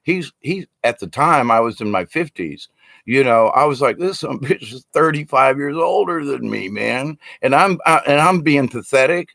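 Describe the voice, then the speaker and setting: A man's voice: medium pitch, expressive, moderate pace, vocal fry, fairly bright tone, dry recording, clean studio sound. An older man telling casual stories about his teachings, rambling and laughing often, with casual swearing. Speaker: speaker on shamanism. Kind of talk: casual storytelling talk.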